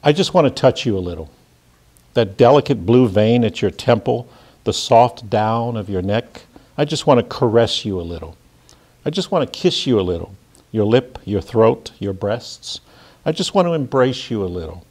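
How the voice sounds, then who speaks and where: A man's voice: medium pitch, animated, normal speed, a little mellow. A man reading a menacing monologue aloud as a sinister seducer who repeats himself insistently. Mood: coaxing.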